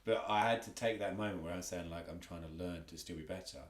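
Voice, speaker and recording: Young English dad, rapid storyteller, deep voice, roomy sound. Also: male voice. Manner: animated storytelling, acts out quoted dialogue. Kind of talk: casual chat.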